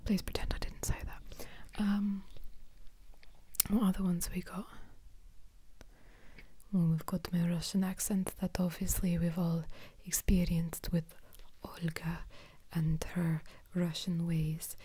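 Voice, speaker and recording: Woman, whispered ASMR chat, warm and airy, rambling, self-deprecating. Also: fairly low pitch, level tone, slow, slightly rough. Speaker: ASMR creator.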